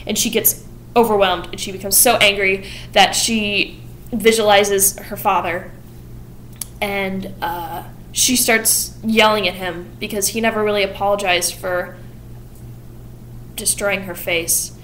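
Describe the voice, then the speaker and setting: A young woman vlogger retelling a plot in casual chat, with quick quoted asides and giggles. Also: mid-range voice, fairly even intonation, fairly bright tone, a little hiss or hum, rough recording. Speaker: vlogger summarizing a musical.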